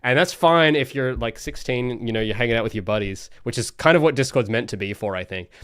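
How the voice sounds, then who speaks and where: A man's voice: medium pitch, fairly quick, a bit bright, smooth, dry recording. Rambling man on a dry mic. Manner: rambling, self-interrupting, ranty. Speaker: solo game developer streaming. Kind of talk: casual livestream chat.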